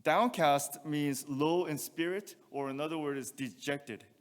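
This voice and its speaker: Male pastor, expository sermon, slightly high voice, long church reverb. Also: measured pace. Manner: expository preaching with rhetorical questions and scripture reading. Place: church sanctuary.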